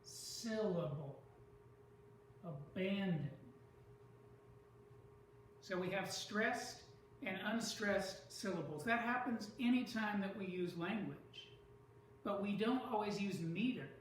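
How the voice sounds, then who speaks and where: A teacher giving a lesson on poetry, speaking slowly and deliberately and sounding out stressed syllables. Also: mid-range voice, slight background noise. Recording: echoey room from far off.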